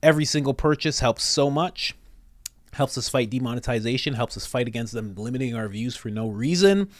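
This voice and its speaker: A man's voice: mid-range voice, lively intonation, a little fast, no echo, clean studio sound. A man hosting a commentary video, talking earnestly and plugging his own merch store. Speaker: commentary channel host.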